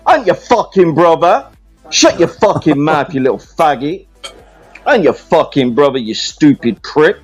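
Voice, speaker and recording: A man on a call-in panel argues loudly with a high voice that swings wildly up and down. He taunts in a mocking, sing-song way, and soft music plays behind him. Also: sing-song, normal speed, husky, no room sound. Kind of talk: heated insult-trading argument.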